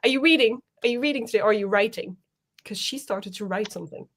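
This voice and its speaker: Chatty laughing woman streamer. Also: mid-range voice. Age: young adult. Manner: chatty, laughs often, quick asides. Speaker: co-host of a writing sprint stream. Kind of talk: casual livestream chat reading comments.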